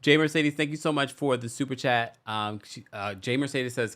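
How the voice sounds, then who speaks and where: A man's voice: mid-range voice, moderate pace, few pauses. A man hosting a casual live stream, reading viewer messages and taking calls. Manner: animated, reads super chats aloud. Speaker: host.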